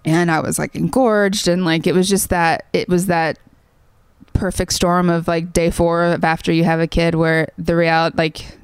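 A woman's voice: on the low side, level tone, moderate pace, smooth, no room sound, studio quality. A woman in her thirties, a songwriter guest, telling a personal story in a rambling way with lots of fillers. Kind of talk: conversational storytelling.

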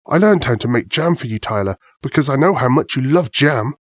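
A man reading a storybook, voicing a kind male badger in a soft, gentle way. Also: mid-range voice, expressive, a little fast, husky, dry recording, studio quality.

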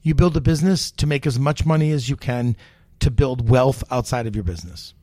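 A man's voice: medium pitch, a little fast, no room sound. Man telling restaurant stories, dry close sound. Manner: animated, acts out the people in his stories. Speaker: restaurateur and chef guest. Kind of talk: storytelling interview.

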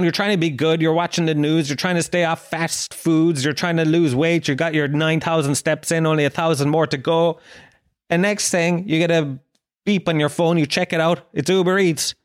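Sweary, self-mocking podcast host. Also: male voice, on the high side, fairly even intonation, normal speed, no room sound, clean studio sound. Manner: profane, self-mocking ranting. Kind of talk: comedic podcast monologue.

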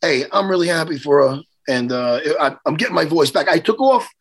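Middle-aged New man, hoarse gravelly voice, animated high-pitched storyteller, casual podcast host. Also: brisk. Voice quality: hoarse, worn voice. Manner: animated, profane, acts out quotes.

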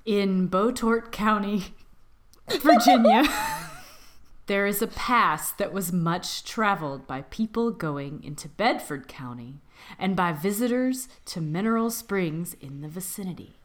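A woman co-hosting a podcast, chatting casually and giggling, who reads an old legend in a hushed, creepy storytelling voice. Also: medium pitch, lively intonation, unhurried. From Appalachia. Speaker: podcast co-host. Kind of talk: casual chat and spooky storytelling.

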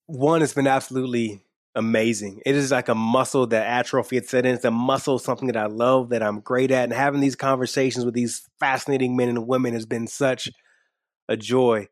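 A man's voice: medium pitch, fairly even intonation, brisk, dry recording, clean studio sound. A man with a slight twang, candidly answering interview questions on a podcast in an earnest, upbeat way. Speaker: podcast guest and host. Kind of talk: conversational interview.

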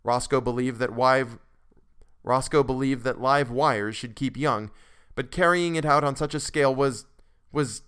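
A man narrating a classic story for a podcast in a measured way, with occasional restarts. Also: medium pitch, a bit bright, smooth.

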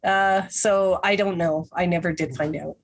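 A woman's voice: fairly low pitch, steady tone, moderate pace. A woman guest on an interview podcast, talking casually with a stuffy nose, rambling with restarts and small laughs.

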